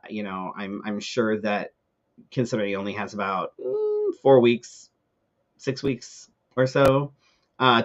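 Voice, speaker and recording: A man's voice: mid-range voice, muffled recording. A man co-hosting a live talk show, telling a ranting story in casual chat, full of fillers and swearing.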